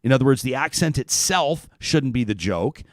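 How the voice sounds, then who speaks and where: A man hosting a talk radio show, reading listener emails aloud and then thinking aloud with halting restarts. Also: medium pitch, expressive, no echo. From Canada.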